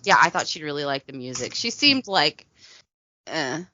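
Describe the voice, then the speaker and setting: A woman's voice: sits low, big pitch swings, fairly quick, bright, forceful tone, muffled recording. A woman with a Texan accent, co-hosting a podcast in casual chat with a playful, teasing manner. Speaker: podcast co-host.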